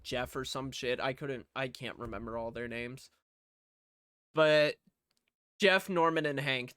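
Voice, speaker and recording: Slow, smooth-voiced man recapping a movie. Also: a little high, a bit bright, dry recording, studio quality. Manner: profane, offhand, jokey sarcasm. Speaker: movie reviewer. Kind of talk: casual plot recap.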